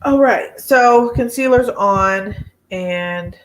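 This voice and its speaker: A woman's voice: fairly low pitch, measured pace. A woman, hosting a casual beauty live chat, chatty and laughing often as she reads viewer comments.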